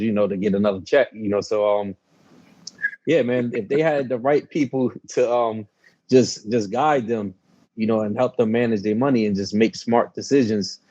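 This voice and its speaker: A man co-hosting a sports podcast, talking in a laid-back, halting way with many fillers. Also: on the low side, warm tone, no echo. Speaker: podcast co-host. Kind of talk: casual sports podcast talk. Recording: dull lo-fi sound.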